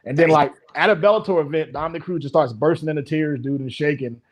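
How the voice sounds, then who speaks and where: A martial arts coach who trains fighters talks fast in a fairly high-pitched voice. Chatting casually on a podcast, he tells stories and rambles, packing his speech with fillers.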